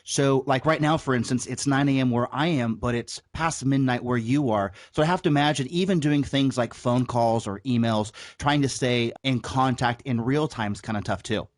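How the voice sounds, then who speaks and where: A man's voice: mid-range voice, normal speed, few pauses, no echo, studio quality. A man hosting an interview podcast, asking his guest chatty, playful questions. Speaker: podcast host.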